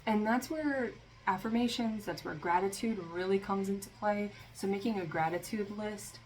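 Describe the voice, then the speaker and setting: A woman's voice: medium pitch, moderate pace, darkish tone, a little hiss or hum, poor audio. A woman giving a casual spiritual tarot reading, talking in a loose, rambling way with lots of fillers and a sarcastic streak. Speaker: tarot reader.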